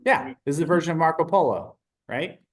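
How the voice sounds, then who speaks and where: A man leading a live online training, animated and chatty, often asking the audience questions. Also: on the high side, fairly quick.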